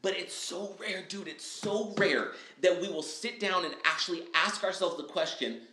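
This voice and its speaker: A man speaking as a podcast guest, upbeat and animated, acting out his own quotes and often asking "right?" and saying "dude.". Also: high voice, normal speed. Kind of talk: casual podcast chat. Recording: echoey room.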